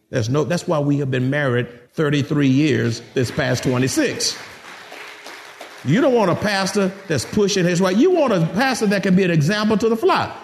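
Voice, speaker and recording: Male pastor, middle-aged, high lively voice, folksy sermon delivery to his flock. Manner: animated preaching, folksy asides to the congregation.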